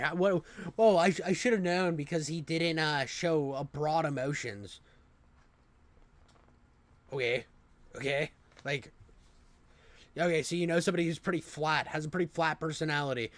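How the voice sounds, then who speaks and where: A young man reacting out loud to a video, sounding openly incredulous and blunt, with the odd swear and disbelieving laugh. His voice sits fairly high for a man. The recording is dry and close, with no room sound. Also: no room sound. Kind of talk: casual reaction commentary.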